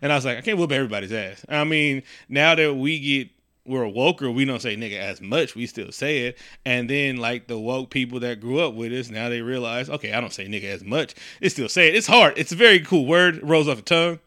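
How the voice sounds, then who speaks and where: Bright-voiced rambling man. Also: medium pitch, brisk, clear, resonant tone, no echo, studio quality. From San Francisco Bay Area. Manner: loose, rambling, laughs a lot, swears freely. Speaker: podcast co-host. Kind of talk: casual profane comedic chat.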